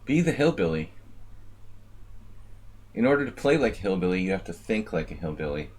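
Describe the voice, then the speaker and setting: A man's voice: low-pitched, sing-song, fast, darkish tone. A man live-streaming blitz chess, chatting casually with viewers and rambling jokingly between moves. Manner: rambling, joking, talks to chat.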